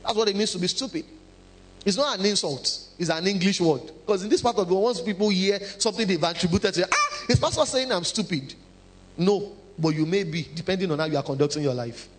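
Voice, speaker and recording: A man preaching a sermon, animated and humorous, acting out quotes. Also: high voice, quick pace. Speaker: pastor.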